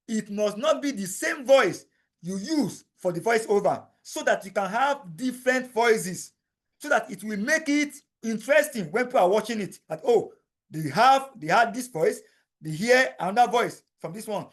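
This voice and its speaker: Man explaining software steps, repeating himself. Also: high-pitched. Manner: repetitive, step-by-step explaining, addresses viewer directly. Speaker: tutorial instructor. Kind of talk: screen-recorded software tutorial.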